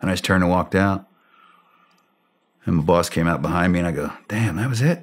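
A middle-aged man, a former special operations soldier, telling a war story in a podcast interview, animated and blunt, acting out the dialogue. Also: low voice, fairly quick.

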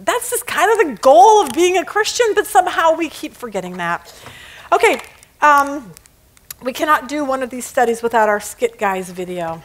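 Animated woman teaching Bible study. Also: sits high, moderate pace, poor audio. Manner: animated, laughing, acts out scenes. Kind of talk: casual teaching lesson.

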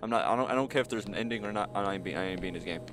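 With game music and noise behind him, a man with a lowish voice delivers rapid-fire horror game commentary as a gaming channel host. He's jumpy and panicky, pleading with the chasing monster and talking back to it.

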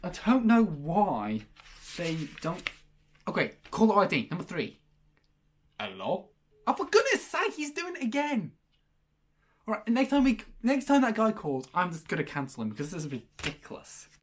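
A man hosting a prank-call video, chatting casually and excitably between calls. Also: sits high, slight background noise. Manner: excitable, exclamatory, quick to laugh. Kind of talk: casual vlog chat.

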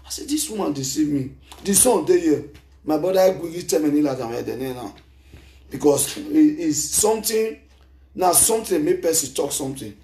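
A middle-aged Nigerian man speaks into a handheld mic with a gravelly, fairly high voice, his words emphatic and animated as he gives his testimony. The echoey room around him lingers after each phrase. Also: normal speed. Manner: emphatic, animated, mixes English and Pidgin. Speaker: speaker giving a testimony at a gathering. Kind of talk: impassioned spoken testimony. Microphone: handheld microphone.

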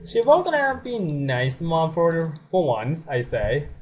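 A young man giving casual, excitable commentary on a life-sim game, laughing often and swearing freely. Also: fairly high pitch, takes it slowly. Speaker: let's play gamer.

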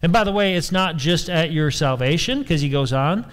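Emphatic pastor preaching, fairly high voice. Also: male voice, animated, normal speed, a bit bright. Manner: emphatic, repeats key phrases, asks the congregation questions. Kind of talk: sermon.

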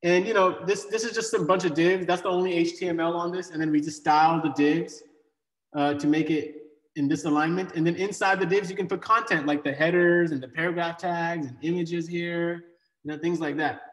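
A man's voice: fairly high pitch, fairly even intonation, brisk. A man teaching a live online coding class in a casual, joking way, with many fillers and restarts. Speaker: coding bootcamp instructor. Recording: echoey room with long reverb.

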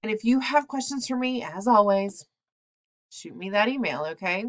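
A woman teacher talks her class through the day's assignment in a recorded lesson. Her voice sits at an ordinary middle pitch, and her delivery is chatty and relaxed, full of ums and wandering asides. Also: normal speed.

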